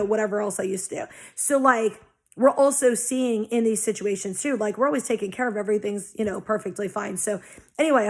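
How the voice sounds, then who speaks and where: A young adult woman talking casually about spiritual growth in a blunt, heavily profane way, acting out her own past reactions. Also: mid-range voice. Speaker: spiritual vlogger. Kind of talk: casual monologue.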